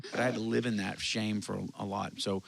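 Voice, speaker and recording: A man's voice: lowish voice, little pitch movement, quick pace, vocal fry. A man from Texas, a guest musician, telling personal stories in an earnest, confessional way during casual conversation. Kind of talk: casual chat.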